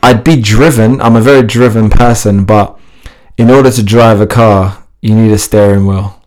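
A man with a lowish voice chats as a guest about his own path, animated and quick to laugh. He often breaks off and restarts his sentences as he thinks aloud. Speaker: fitness TV presenter, interview guest. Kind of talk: casual interview chat.

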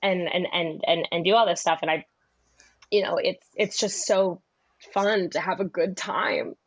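A young woman comedian chatting on a podcast, rambling and animated, often slipping into voices. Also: on the low side, measured pace, breathy edge, dry recording, muffled recording. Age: young adult. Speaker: comedian guest. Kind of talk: casual podcast chat.

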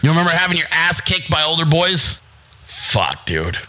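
Middle-aged guy ranting crude and blunt, real bright sharp tone. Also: on the high side, little pitch movement, fast talker, low-quality recording. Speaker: host. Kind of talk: profane ranting monologue.

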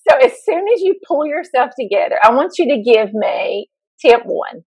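A chatty woman co-hosts a casual podcast, laughing easily and restarting her sentences as she rambles. Her voice sits a little high and sounds dry and close to the mic. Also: big pitch swings, normal speed, creaky, darkish tone, husky, dry recording, poor audio. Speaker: podcast co-host, school counselor.

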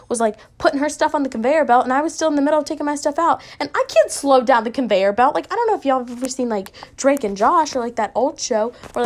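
A woman's voice: fairly high pitch, darkish tone. A woman in her late teens chatting through an everyday story, full of "like" and self-mocking asides. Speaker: vlogger. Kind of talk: casual storytelling.

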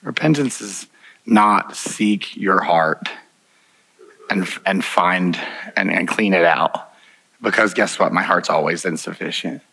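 Gravelly man preaching with earnest warmth. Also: deep voice, slow pace, low-quality recording. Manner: earnest, chuckles often, frequent restarts. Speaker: pastor. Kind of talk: sermon with personal stories.

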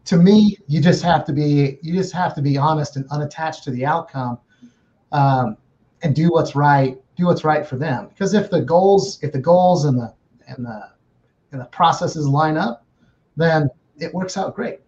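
A man's voice: fairly high pitch, normal speed, darkish tone, dull audio. Chatty man telling a story. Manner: repeats words and restarts phrases. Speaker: guest, remodeling business owner. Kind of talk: casual storytelling.

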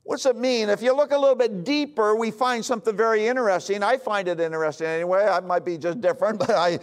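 A male pastor preaching a sermon with emphasis, swinging between loud bursts and hushed lines. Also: high-pitched, fast, clean tone.

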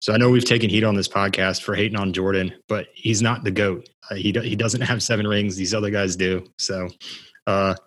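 A man with a fairly low voice chats loosely on a podcast. He rambles, restarts his sentences and laughs often as he goes. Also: fairly even intonation, a little fast, a bit bright. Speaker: podcast co-host. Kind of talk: casual podcast chat.

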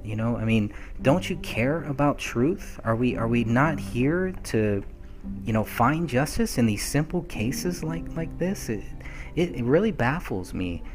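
A man's voice: medium pitch, animated, measured pace, over music. A man co-hosting a true-crime podcast, talking earnestly and emphatically, often repeating words as he starts a thought. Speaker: podcast co-host. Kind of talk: earnest discussion.

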